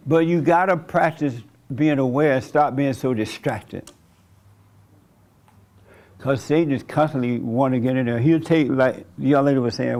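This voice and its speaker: A man's voice: mid-range voice, moderate pace, darkish tone. A man preaching a sermon in a conversational way, chuckling often and acting out the voices of people he quotes. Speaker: pastor.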